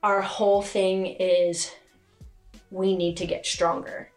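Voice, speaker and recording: A woman strength coach explaining her gym's training in a relaxed podcast chat. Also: mid-range voice, slow pace, soft background music. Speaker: gym owner and strength coach.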